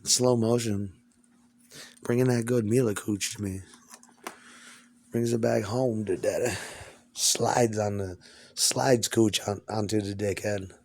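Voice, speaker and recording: A man's voice: lowish voice, steady tone, slow pace, pauses often, darkish tone. A man at home, talking in a rambling, profane, stream-of-consciousness monologue.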